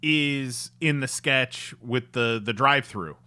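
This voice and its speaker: A man's voice: medium pitch, slow pace, sharp tone, no echo. A man co-hosting a podcast in casual chat, chatty and reeling off facts. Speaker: podcast co-host.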